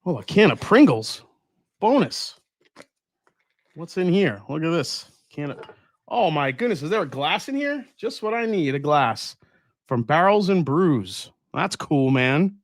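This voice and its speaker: A man's voice: fairly high pitch, very animated, measured pace, no echo, studio quality. A man hosting a casual live stream, unboxing bottles and answering chat as he thinks aloud with fillers and restarts.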